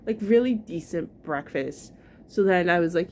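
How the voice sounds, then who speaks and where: Woman vlogger, gossipy reaction chatter, slightly low pitch, faint hiss behind. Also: animated, normal speed, darkish tone. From New York. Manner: gossipy, chatty, lots of "like" fillers. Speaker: commentary vlogger. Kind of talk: casual reaction commentary.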